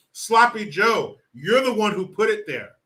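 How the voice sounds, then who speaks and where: A man giving sarcastic political commentary in an animated, mocking way. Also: high-pitched, takes it slowly. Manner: sarcastic, animated, laughs often.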